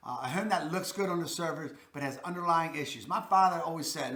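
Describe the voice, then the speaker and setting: A man's voice: on the high side, quick pace, hardly any pauses, a bit bright, roomy sound. A man with a Baltimore accent hosting a real estate video, giving folksy, emphatic advice straight to viewers. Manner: folksy, emphatic, repeats "that's a fact".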